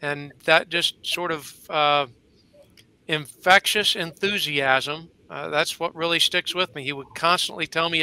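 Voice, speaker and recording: A man who is a judge, sharing a memory in a measured, thoughtful way. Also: on the high side, steady tone, bright, forceful tone, clear, resonant tone.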